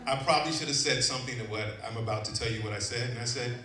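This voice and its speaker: A man from Chicago telling a personal story live on stage, animated and often laughing. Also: medium pitch, rapid-fire, heavy background noise. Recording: echoey venue, distant mic, audience. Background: audience.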